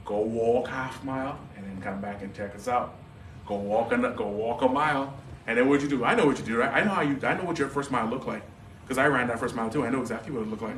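A man preaching a sermon as a guest pastor, animated and joking, with sarcastic asides and quick questions to the congregation. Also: medium pitch. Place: church sanctuary. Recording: roomy church hall, mic at a distance, faint background noise.

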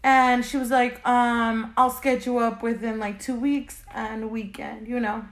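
Young podcast co-host, high-ish voice, candid storyteller. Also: female voice, a little slow. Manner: animated storytelling, acting out quoted lines, laughing; quieter and subdued when recounting the loss. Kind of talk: casual chat, telling a personal story.

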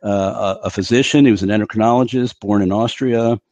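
A man's voice: lowish voice, fairly even intonation, brisk, a little mellow, dry recording. Emphatic middle-aged man explaining bluntly. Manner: emphatic, blunt explainer who acts out quotes. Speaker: podcast guest, physician and stress expert. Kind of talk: conversational interview explanation.

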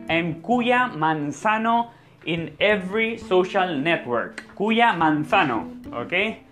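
A man's voice: high voice, sing-song, slow pace, fairly bright tone, faint music behind. A man, a stage actor, chatting casually to his viewers, often repeating words and ending phrases with a questioning "yeah?". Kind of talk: casual vlog chat.

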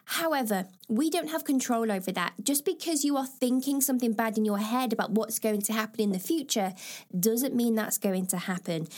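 A woman's voice: fairly high pitch, darkish tone. A woman leading an online self-help group, recapping lessons in a chatty, encouraging way with everyday examples. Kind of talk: casual recorded recap talk.

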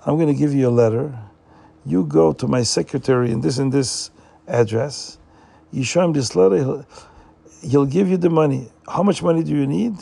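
A generous, important nobleman from an old storybook tale, as a man puts him on, speaks in calm, reassuring commands. His voice is gravelly and dark, a little husky, and sits somewhat high for a man. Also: normal speed, no echo, heavily acted. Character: important, kindly male nobleman landowner.

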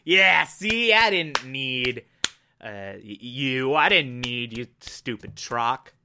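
A man's voice: medium pitch, expressive, slow, noisy background, voice pushed down. A man putting on the voice of an arrogant, bigoted male alien soldier from a cartoon, mumbling and sneering.

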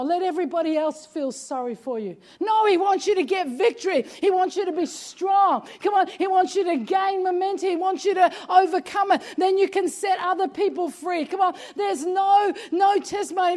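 Woman pastor, very high voice, emphatic sermon delivery, repeats "come on". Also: a little mellow. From Australia. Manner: emphatic, repeats "come on", often raises her voice.

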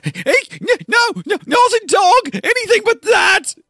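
A man's voice: high voice, animated, normal speed, sharp tone, dry recording, studio quality, voice pushed up, exaggerated voice. Man doing a pompous cowardly guard. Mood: panicked. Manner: haughty, then panicky.

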